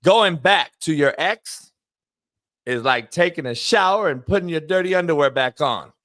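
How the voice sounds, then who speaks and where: Brash, bright-voiced sports talk host. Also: male voice, a little high, expressive. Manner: brash, profane, shifts between drawn-out emphasis and quick bursts. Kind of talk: loud casual sports talk with ad reads.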